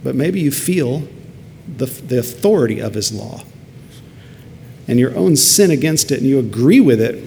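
A man's voice: medium pitch, animated, moderate pace, creaky, dark tone, slight background noise. A man preaching a sermon earnestly, building to emphatic peaks. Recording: long hall reverb, faint ambience.

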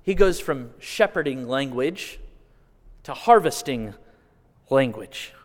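A man from California preaching a sermon, asking the congregation questions and swinging between quiet asides and loud, drawn-out appeals. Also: medium pitch, lively intonation. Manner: asks the congregation direct questions. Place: church sanctuary. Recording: long hall reverb.

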